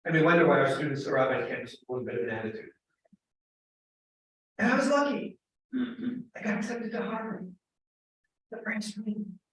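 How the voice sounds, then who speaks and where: A middle-aged man, a professor giving a humorous storytelling talk, animated and joking with bursts of emphatic shouting. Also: high-pitched, normal speed, pauses often, a little hiss or hum. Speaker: guest lecturer, professor. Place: large echoing temple hall. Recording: echoey hall from far off.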